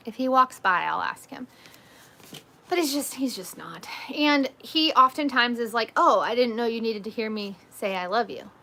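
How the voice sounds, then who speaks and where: A chatty woman in her thirties talks casually on a livestream, reading comments and answering them. Her voice sits a little high and sounds bright and forceful, and her talk is loose and peppered with fillers. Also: a little hiss or hum. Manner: chatty, frequent "like" and "um", reads comments aloud. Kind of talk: casual live chat.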